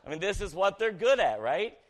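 This pastor's voice sits high and swings widely in pitch as he preaches at a fairly quick pace. Talking conversationally with the congregation, he asks them questions and alternates between loud, forceful lines and hushed ones.

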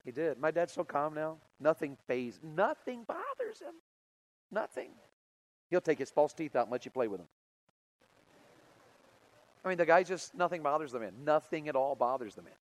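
A middle-aged man preaching a sermon, telling stories with big swings between loud and soft. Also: mid-range voice, rough recording. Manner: animated storytelling with big swings in loudness.

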